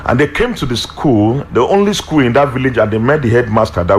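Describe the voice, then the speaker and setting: A man with a Nigerian accent preaching, telling a story with lively acted voices. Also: mid-range voice, a little fast, a little hiss or hum. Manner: animated, acts out story voices. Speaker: pastor. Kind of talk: sermon with storytelling.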